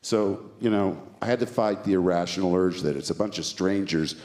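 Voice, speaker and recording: A very deep-voiced older man fields questions at a press conference. He answers with dry, self-mocking humor. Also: normal speed, a little mellow. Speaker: actor on a press panel.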